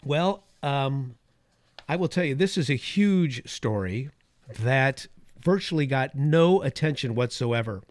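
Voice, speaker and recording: A man's voice: medium pitch, expressive, slow pace, dry recording. A man hosting a talk radio show, delivering an opinionated monologue with emphatic repetition and sarcastic asides. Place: radio studio.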